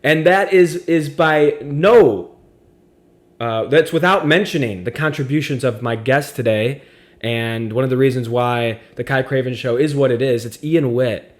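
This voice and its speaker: A man's voice: mid-range voice, unhurried. A man hosting a comedy podcast in casual banter, with a playful, mock-grand way of talking. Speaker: podcast host.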